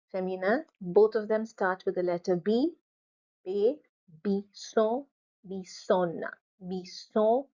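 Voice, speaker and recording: A woman teaching a French class, explaining each point and repeating words slowly for students to copy. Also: medium pitch, warm tone, lo-fi sound. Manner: slow, drawn-out repetition of words. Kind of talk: classroom lesson.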